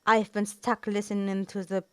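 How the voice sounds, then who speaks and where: A woman's voice: medium pitch, level tone, normal speed, darkish tone, clean tone, no echo, natural voice. A woman reading the lines of an impatient, sneering male assassin in a snappish way. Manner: snappish, mocking.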